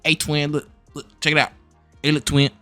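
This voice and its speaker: A man putting on the voice of a slangy young man begging to borrow weed, loud and wheedling. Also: on the high side, completely flat delivery, normal speed, dry recording, soft background music, pitched above the performer's own voice.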